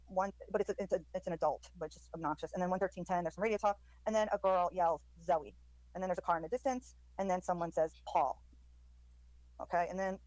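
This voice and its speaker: A woman's voice: on the low side, no room sound, poor audio. A woman on a live stream describing sounds she hears in a recording, hesitant and full of ums. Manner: hesitant, many ums, quoting overheard lines. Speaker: commentator describing audio.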